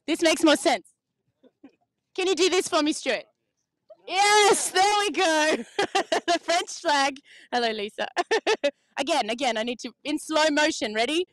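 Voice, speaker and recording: A woman's voice: sits high, moderate pace, a bit bright, no echo. A woman hosting playful, casual interviews with sailing crews outdoors on a marina dock, laughing often. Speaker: sailing reporter, host.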